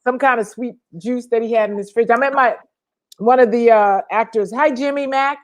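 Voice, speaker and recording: A woman co-hosting a casual livestream chat, lively and chatty, calling out viewers by name. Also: a little high, normal speed. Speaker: co-host.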